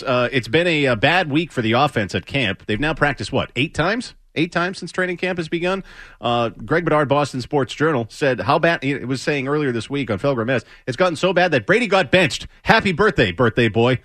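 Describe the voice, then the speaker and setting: A man hosting sports talk radio, chatting in a lively, wry way and quick to joke. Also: mid-range voice, no room sound, clean studio sound. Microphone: studio microphone.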